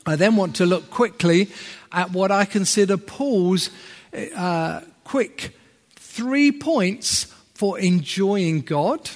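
A man's voice: sits high, takes it slowly. Man, northern English accent, sermon, self-deprecating, lingering hall reverb. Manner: chatty and self-deprecating, with asides. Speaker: visiting preacher. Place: church hall.

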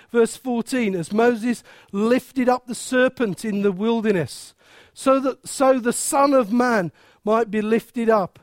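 Male preacher, unusually high voice, animated and conversational, dry close recording. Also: no room sound. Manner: animated, conversational preaching with acted-out quotes and restarts. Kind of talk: sermon.

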